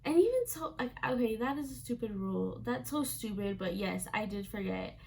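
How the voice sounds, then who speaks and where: A young woman tells a casual storytime vlog at home, chatty and sprinkled with "like" fillers as she acts out what people said. Her voice carries plenty of vocal fry, and a faint hiss sits behind it. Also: on the high side, expressive, normal speed, warm tone. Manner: chatty, frequent "like" fillers, acts out quoted lines. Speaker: vlogger.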